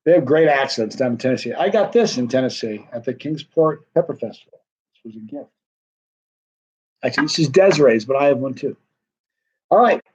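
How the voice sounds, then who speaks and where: A man's voice: mid-range voice, animated, brisk, pauses often, darkish tone, breathy edge. A man hosting a casual livestream, rambling through a friendly sales patter. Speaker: livestream host selling signed hot sauce. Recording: dull, muffled lo-fi sound.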